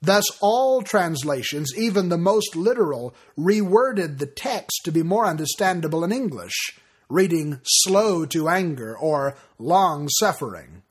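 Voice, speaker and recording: Husky man teaching in a lively measured voice. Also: sits high. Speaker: preacher teaching on Bible translation. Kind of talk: scripted teaching talk.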